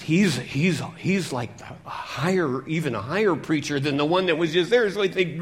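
A male preacher telling a Bible story in a lively, interactive way, asking his listeners questions as he goes. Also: high-pitched, moderate pace, hardly any pauses. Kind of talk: storytelling sermon.

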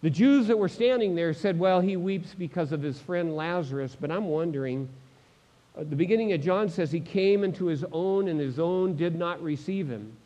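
A man preaching a sermon, swinging between loud proclamations and hushed moments, asking the congregation direct questions. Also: fairly high pitch, moderate pace, lo-fi sound. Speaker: pastor.

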